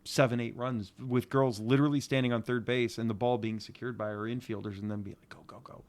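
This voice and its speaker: Brief: middle-aged Ohio man, Northeast Ohio accent, podcast co-host, animated storyteller, middle pitch. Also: fast. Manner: animated, acts out quotes. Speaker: podcast co-host, youth softball coach. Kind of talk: casual storytelling.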